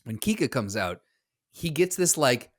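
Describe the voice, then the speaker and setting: Male co-host, mid-pitch, lively intonation, loose rambling chat. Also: measured pace. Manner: rambling, restarts sentences, chuckles. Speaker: podcast co-host. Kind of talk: casual chat.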